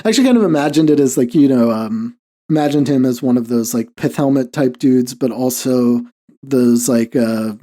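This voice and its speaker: A man's voice: mid-range voice, moderate pace, warm tone. A man hosting a podcast, telling a story in loose casual chat, full of "like" fillers and small chuckles. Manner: rambling, heavy on "like" fillers, chuckles often. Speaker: podcast host.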